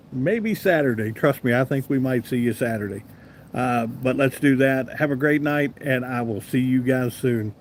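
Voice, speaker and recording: A man's voice: medium pitch, darkish tone, a little hiss or hum. A man with a Southern US accent hosting a casual live stream, chatting easily and answering viewers by name. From American South. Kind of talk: casual live chat reading comments.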